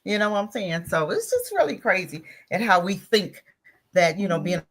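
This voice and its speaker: A woman's voice: medium pitch, sing-song, normal speed, music in the background. A woman hosting talk radio who makes emphatic, preachy commentary, repeats her points and asks rhetorical questions.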